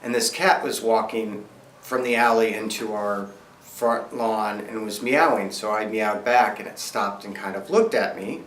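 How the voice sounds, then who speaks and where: Relaxed man telling a story, echoey room. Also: fairly low pitch, unhurried, slight background noise. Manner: relaxed storytelling, some fillers. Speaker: interviewee, cat owner. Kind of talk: documentary interview.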